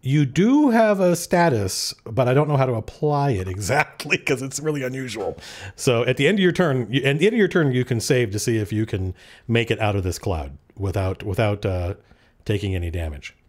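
A man's voice: mid-range voice, expressive, brisk, darkish tone. A man narrating as game master at a tabletop game, casual and freely swearing as he works through the rules aloud.

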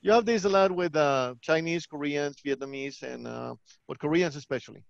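A man from New York with a Colombian-tinged accent, presenting a live teaching webinar in a lively, playful way. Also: on the high side, moderate pace, gravelly, no room sound, dull audio. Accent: Colombian-tinged New York English. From New York, of Colombian roots. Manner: lively, playful, acts out little dialogues.

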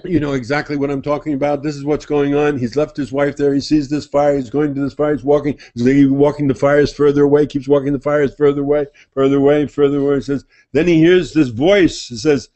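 A man teaching at a study center, retelling a scripture story to a gathering in an animated way and repeating phrases for emphasis. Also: a little high, fairly quick, hardly any pauses. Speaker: religious teacher. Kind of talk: storytelling sermon.

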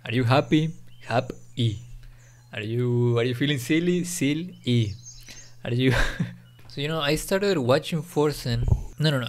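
A young man whose first language is Spanish, rambling through a casual monologue in halting English, full of restarts and "you know". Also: medium pitch. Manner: rambling, repeats fillers like "you know" and "don't worry". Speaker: YouTuber.

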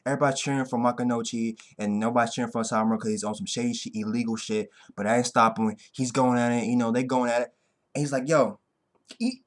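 A man's voice: mid-range voice, little pitch movement, quick pace. A man recapping an anime fight in a hyped, slangy way, swearing freely as he goes. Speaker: anime reaction vlogger. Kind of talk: excited casual recap.

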